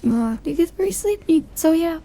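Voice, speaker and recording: A young woman soft-speaking for an ASMR video, rambling in a relaxed way, losing her focus and mocking herself, sometimes dropping into a whisper. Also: very high voice, normal speed. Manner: rambling and self-deprecating, loses focus; soft-spoken with bits of whisper. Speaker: ASMR creator. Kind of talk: soft-spoken ASMR chat.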